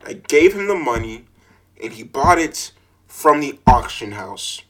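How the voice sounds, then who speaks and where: A man telling a frustrating story in a casual rant, swearing freely and repeating himself as his anger builds into shouting. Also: mid-range voice, big pitch swings, measured pace. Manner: repeats words and restarts while recalling.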